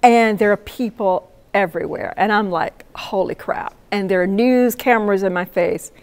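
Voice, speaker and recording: A woman in her seventies, a poet laureate, telling a lively story to an audience and acting out the voices of the people in it. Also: mid-range voice, normal speed. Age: 70s. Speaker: poet laureate giving a talk. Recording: long reverb of a hall.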